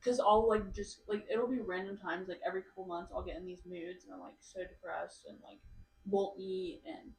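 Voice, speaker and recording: A woman's voice: mid-range voice, normal speed, vocal fry, slight background noise. Young adult woman, guest on a chat podcast, chatty and rambling; roomy, distant sound. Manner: rambling, full of "like" fillers, animated storytelling. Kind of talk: casual chat.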